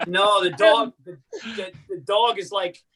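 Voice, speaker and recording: High-voiced man telling an exasperated story. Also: fairly even intonation, measured pace, a crowd in the background. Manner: rambling, swearing, exasperated storyteller. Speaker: comedian guest. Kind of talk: casual storytelling on a video call.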